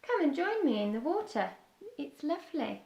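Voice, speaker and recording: A woman's voice: high-pitched, very animated, moderate pace, gravelly, a little mellow, reverberant, voice pushed up, full character voice. A woman doing a breezy, giggly fish. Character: cheerful, giggly male fish.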